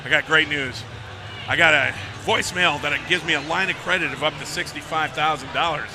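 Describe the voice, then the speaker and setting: A man doing live color commentary at a swim meet, excitable and joking, often raising his voice. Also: fairly high pitch, a little fast. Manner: excitable, joking, raises voice over the crowd. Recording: loud crowd and pool noise.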